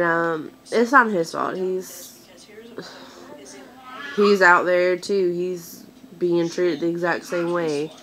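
A young woman in her twenties talks casually to her viewers, drawn out and very unhurried. Her voice sits a little low, and she rambles and vents with frequent pauses. She sounds close to tears throughout. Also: low-quality recording. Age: 20s. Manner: rambling, venting, hesitant with many fillers. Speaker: vlogger. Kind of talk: casual chat to camera.

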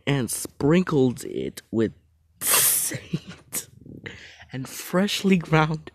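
Giggly reader with lively pitch. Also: drawn-out words, no echo. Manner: laughs often while reading; apologizes for laughing. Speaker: video creator. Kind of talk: reading funny texts aloud.

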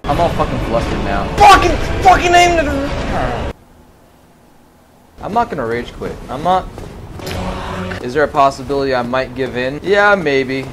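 A gaming commentator with an expressive voice swears his way through gameplay at a moderate pace, heavy background noise around him. He alternates between low, self-soothing muttering and sudden screamed rage.

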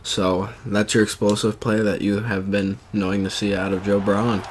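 A young man giving live gaming commentary at home, excitable, swearing and laughing as he plays. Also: on the low side, normal speed. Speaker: gamer. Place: room at his family home. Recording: game crowd noise behind.

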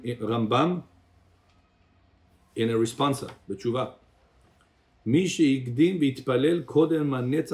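A rabbi teaching a Torah class to a congregation. He calls on listeners by name, quizzes them, and switches between English and Hebrew phrases. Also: mid-range voice.

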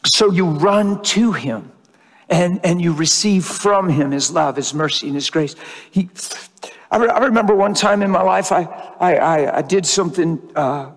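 A man's voice: sits high, moderate pace. A man preaching a sermon, earnest and often restarting his words, building to fervent emphasis. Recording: long hall reverb.

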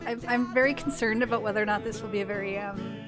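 A woman's voice: mid-range voice, steady tone, quick pace, over music. A woman co-commenting on a game in casual chat, making wry, skeptical remarks. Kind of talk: casual let's-play chat.

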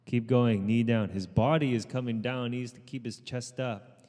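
A man leading an outdoor group workout as trainer, calling out counts and urging people on, with quick asides in Cantonese. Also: mid-range voice, fairly even intonation, big-room sound. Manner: shouted counting and encouragement, switching into Cantonese asides. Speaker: fitness trainer. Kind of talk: live workout coaching. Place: outdoors in the sun.

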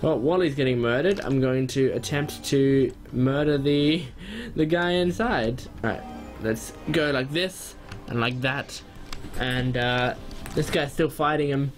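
Young male gamer host, excitable play-by-play, quick to frustration, medium pitch. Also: faint music behind. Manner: excitable, quickly frustrated, jumps high when upset. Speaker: gaming channel host. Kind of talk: gameplay commentary.

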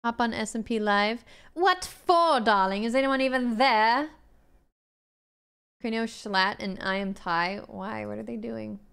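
A woman with a slightly high voice commentates her game live. She camps up a haughty diva act, calls her viewers "darling", and jumps into shrill outrage before dropping back to mutters. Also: steady tone, a little slow, vocal fry, fairly bright tone, smooth. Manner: mock-haughty diva persona, calling chat "darling"; sudden swoops into shrill indignation. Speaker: gaming streamer.

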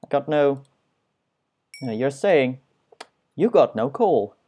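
A young man giving casual, self-mocking commentary while he plays a video game, dropping puns in a flat tone. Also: medium pitch, slow, breathy edge. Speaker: Let's Play gamer.

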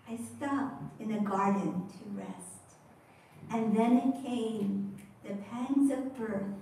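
A woman priest voicing the Buddha's devoted young mother in a slow, lilting recited poem, softly repeating each closing line, heard from a distant mic in an echoey room. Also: a little high, slight background noise. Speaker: Zen priest.

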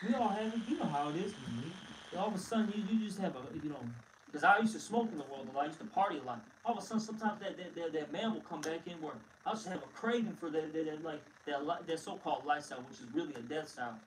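A man's voice: fairly high pitch, fast, noisy background. A man teaching scripture in a blunt, emphatic way, often calling listeners "man", recorded from a distance.

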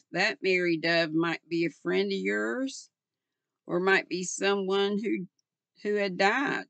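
An older woman voicing a composed young woman who is calm, guarded and faintly amused, read slowly with a gravelly edge. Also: mid-range voice, no echo.

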